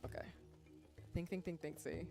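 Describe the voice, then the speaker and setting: A young woman with a Southern US accent, streaming a game live, chatty, swearing and breaking into loud outbursts. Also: on the low side, flat delivery, normal speed, creaky, over music. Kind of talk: live gaming stream chat.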